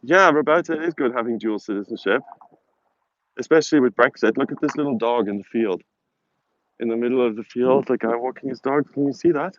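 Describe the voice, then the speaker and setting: A man's voice: medium pitch, a little fast. A man with a South African accent, chatting casually in a rambling, self-mocking way while live-streaming from a hilltop on a phone. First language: German. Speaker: vlogger. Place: outdoors on a hilltop. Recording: dull lo-fi phone audio with wind noise.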